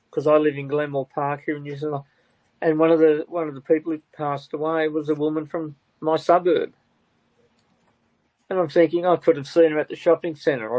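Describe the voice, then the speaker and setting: This is an older man speaking as a tearful, grieving father. His voice sits a little high and keeps breaking. He talks haltingly and circles back over the same words. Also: darkish tone, no echo, poor audio. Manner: halting, repeats himself, voice breaking. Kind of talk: emotional interview talk.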